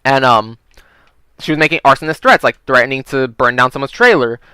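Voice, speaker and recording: A man's voice: medium pitch, brisk, sharp tone, clean tone, no room sound, rough recording. A man telling work stories while playing a video game, rambling and swearing freely, with lots of "like" and "um". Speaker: gaming vlogger.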